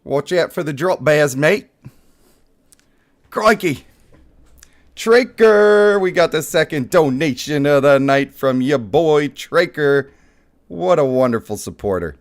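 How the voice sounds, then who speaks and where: A young man hosting a live mobile game stream, joking and hyping up his pulls for chat. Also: medium pitch. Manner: playful, excitable, joking with chat.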